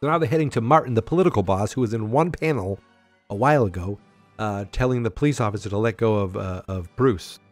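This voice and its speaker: A man hosting a casual podcast, recapping an old comic book, acting out lines in quick voices with chatty asides. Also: lowish voice, no room sound, soft background music. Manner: animated, acts out character lines with voices, asides and fillers. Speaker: podcast host.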